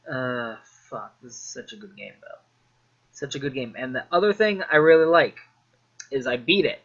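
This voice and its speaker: A man's voice: medium pitch, expressive, measured pace, a bit bright, slightly rough, dull audio. A man casually rambling about a video game he loves, full of fillers, restarts and swearing.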